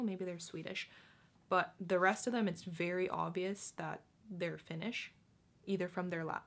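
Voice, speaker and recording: A young woman giving a casual pronunciation lesson, patiently repeating each word slowly and carefully. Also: medium pitch, fairly bright tone. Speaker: language teacher.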